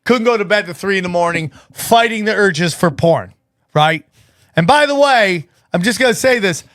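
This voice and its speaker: Animated high-voiced man telling a story. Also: moderate pace, no room sound, studio quality. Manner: animated, acts out quotes, rising to shouts. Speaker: podcast co-host. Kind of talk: casual storytelling chat.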